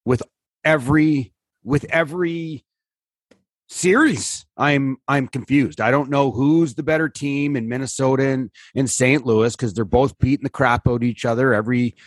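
A man with a husky, slightly breathy voice, caught up in a casual sports rant. He sounds exasperated and swears freely, and his pitch shoots up when he gets fired up. The sound is dry and close. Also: normal speed, dry recording. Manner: exasperated rants, swearing, voice jumping high when worked up. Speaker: podcast co-host.

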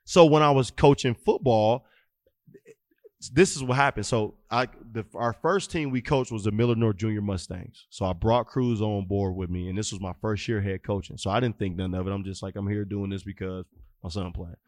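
This podcast guest, a youth football coach in his thirties, has a slightly mellow voice on the low side and talks at normal speed. He animatedly acts out dialogue while storytelling in a casual interview, captured in studio quality with no room sound.

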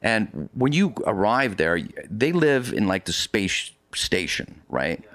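A man with a very low, slightly bright voice speaks slowly but is very animated, recounting a polar expedition as an interview guest. His long, casual story rambles with frequent restarts and vivid side remarks, recorded close and dry without room echo.

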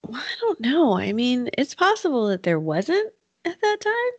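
A woman co-hosting a podcast, reacting and chiming in with quick comments in a casual chat. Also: sits high, huge pitch swings, dry recording, highs cut off. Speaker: podcast co-host.

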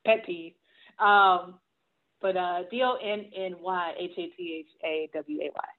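A woman's voice: lowish voice, measured pace. A woman guest on a talk show, spelling out her details carefully. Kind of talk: casual chat. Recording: tinny phone line.

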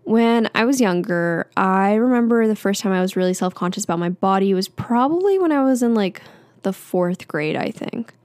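A woman's voice: medium pitch, a little mellow, dry recording, studio quality. A young woman in her twenties hosting a solo podcast, talking in a chatty, candid way with fillers and small laughs. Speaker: podcast host. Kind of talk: casual solo podcast chat.

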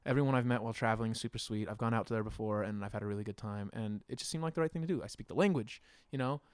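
A young man, a musician guest, chatting casually about his plans in a relaxed, rambling way with frequent laughs. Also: on the low side, very fast, clean tone, no echo. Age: young adult. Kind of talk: casual conversation.

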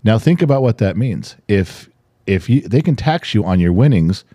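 Middle-aged male co-host, low and mellow, dry close sound, chatty explainer. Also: expressive, moderate pace, dry recording. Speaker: podcast co-host. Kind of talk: casual podcast chat.

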